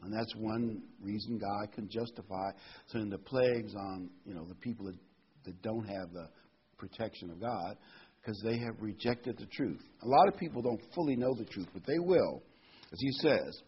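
Husky man preaching with emphasis. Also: lowish voice, moderate pace, muffled recording. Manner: emphatic, reads and stresses scripture words. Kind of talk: sermon.

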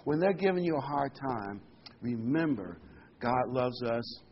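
A man's voice: mid-range voice, lively intonation, unhurried, lo-fi sound, slight background noise. A man giving a sermon, earnest and emphatic, repeating key words and reading scripture aloud. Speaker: preacher.

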